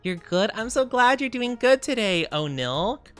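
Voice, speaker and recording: A woman's voice: fairly high pitch, sing-song, a little slow, fairly bright tone, soft background music. A tired woman streamer rambling and giggling in casual chat, greeting viewers as she goes.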